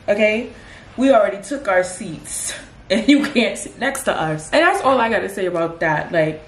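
A woman in her twenties chatting casually in a vlog while she gets ready at home, with animated, slangy, dramatic storytelling. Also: medium pitch, slight background noise. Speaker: vlogger. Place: at home doing makeup. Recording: roomy echo.

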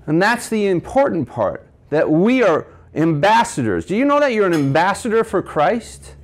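A man's voice: high voice, big pitch swings, moderate pace. A man preaching to a men's group at a breakfast, asking the listeners questions and quoting scripture. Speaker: speaker at a men's ministry breakfast. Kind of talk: sermon. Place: cafe.

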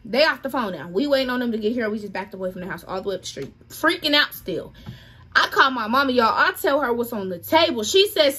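A young woman with a slightly high voice tells a story to her viewers in a casual vlog. She is animated and dramatic in the retelling and keeps turning to the audience. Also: fast, husky. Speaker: vlogger.

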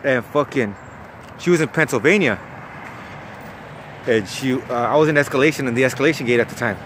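A man's voice: medium pitch, brisk, noisy background. A man from California with a Chicano accent, casually telling stories from his old call-center job, swearing freely and leaning on fillers. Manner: profane, laid-back storytelling full of fillers. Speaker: former bank call-center worker. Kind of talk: casual storytelling vlog.

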